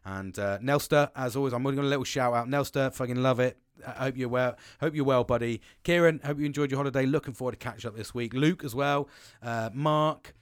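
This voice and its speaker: Male podcast host, mid pitch, blunt and sweary, rambling, dry close-mic sound. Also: a little fast, smooth, dry recording. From England. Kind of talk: casual solo podcast monologue. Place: small wooden shed.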